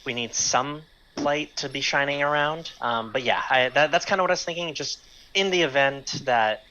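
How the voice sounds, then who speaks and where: A man's voice: medium pitch, moderate pace, pushed and bright. A man playing a tabletop game, laying out a plan with rambling restarts. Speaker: player. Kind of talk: casual tabletop game chat. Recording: dull lo-fi mic with faint hiss.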